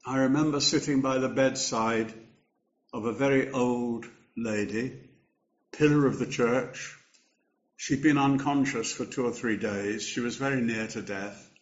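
An older man preaching a sermon, slow and measured, lifting his voice for emphasis. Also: mid-range voice, lo-fi sound.

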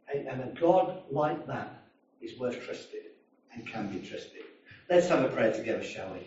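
A man's voice: a little high, normal speed. A man preaching a sermon in a church, telling a story and acting out the people in it. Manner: storytelling, animated, acting out a drunk's voice. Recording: echoey church hall from a distance, dull sound.

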